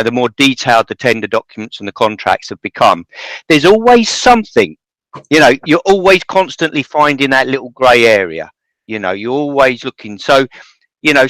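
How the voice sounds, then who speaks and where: A man's voice: mid-range voice, a bit bright, no room sound, rough recording. A man hosting a podcast, talking in long rambling turns with many restarts. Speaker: podcast host. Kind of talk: casual podcast interview.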